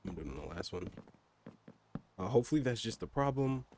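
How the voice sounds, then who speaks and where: A man's voice: on the low side, big pitch swings, brisk, very noisy. A young man streaming a game and chatting casually about his motorbike and car, rambling with lots of fillers and mild swearing. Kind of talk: casual chat while gaming.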